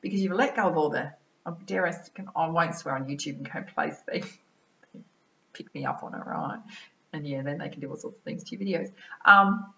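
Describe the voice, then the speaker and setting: An Australian woman, a mind-body-soul balance coach, giving an energetic, chatty motivational talk to camera and tacking "right?" and "yeah?" onto her sentences. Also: sits low, brisk, reverberant, dull audio. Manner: energetic, chatty, keeps adding tag questions like "right?" and "yeah?".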